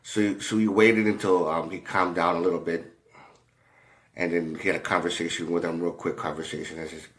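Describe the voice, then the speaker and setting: A man telling a rambling story in a casual way, halting often, with many fillers and restarts and a lot of swearing. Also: low voice, level tone, a bit bright. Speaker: commentator.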